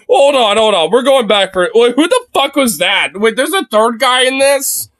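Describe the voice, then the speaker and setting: Animated high-voiced young male streamer. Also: normal speed. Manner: incredulous, exclaiming, swears a lot. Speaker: streamer reacting to a video. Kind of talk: casual live-stream reaction.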